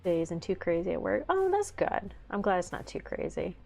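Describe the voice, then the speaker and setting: Woman, stream host, Southern twang, worn out, easy laughter, lowish voice, soft music behind. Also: very animated, moderate pace, creaky. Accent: rural American Southern. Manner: laughs often, chatty and easygoing. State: tired. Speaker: livestream host. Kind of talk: casual chat reading viewer comments.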